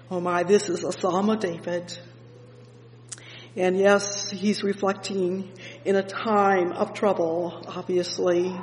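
A fervent male preacher with a high voice, unhurried and deliberate, working through a psalm verse by verse. He punctuates every thought with "oh yes" and "praise the Lord." His voice rings through a roomy hall with long reverb over a faint hum. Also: darkish tone. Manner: reads scripture slowly and deliberately. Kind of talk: evening sermon, Bible exposition.

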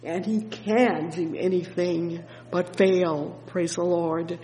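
A man's voice: high-pitched, steady tone, takes it slowly, mellow, echoey room, long reverb tail, a little hiss or hum, low-quality recording. A man preaching a sermon, fervent, often breaking in with "oh yes" and "praise the Lord".

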